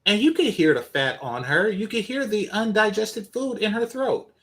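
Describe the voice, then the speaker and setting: A commentary channel host reacts to comments he reads aloud, blunt, profane and scornful. His voice is high-pitched and a bit bright, with lively intonation at a moderate pace.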